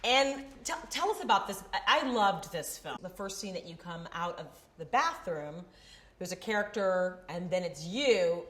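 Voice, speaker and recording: A woman's voice: lowish voice, animated, normal speed, fairly bright tone, echoey room. Enthusiastic woman interview host. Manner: enthusiastic, frequent affirmations. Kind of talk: casual interview. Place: restaurant.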